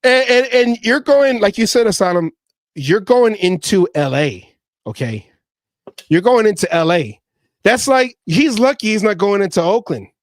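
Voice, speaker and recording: Male sports-show host, high voice, excitable and stumbling over repeats, dry close mic. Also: moderate pace, dry recording. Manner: animated, stammering and repeating words; mimics others in quoted voices. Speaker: podcast host. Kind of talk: casual sports chat.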